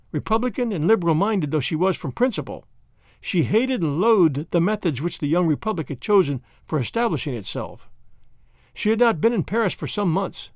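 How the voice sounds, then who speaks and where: A man narrating a classic novel with an expressive, dramatic reading. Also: sits high, dry recording, clean studio sound. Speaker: audiobook reader.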